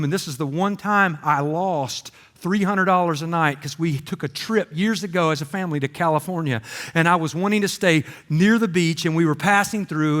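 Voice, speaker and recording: A middle-aged man preaching a sermon, telling stories with comic voices. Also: high voice. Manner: animated storytelling with comic voices. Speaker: pastor. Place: church auditorium. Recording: long hall reverb.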